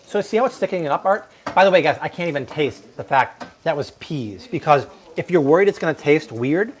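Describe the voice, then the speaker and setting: Excitable man hosting a cooking show. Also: fairly high pitch, a little fast, slight background noise. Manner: enthusiastic, exclamatory. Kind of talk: live cooking demonstration. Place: home kitchen.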